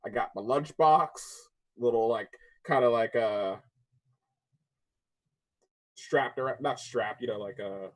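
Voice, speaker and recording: A young man co-hosting a casual debate podcast, telling stories with lively energy and frequent laughs. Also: medium pitch, takes it slowly, pauses often. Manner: animated storyteller, laughs often, acts out voices. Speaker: podcast co-host.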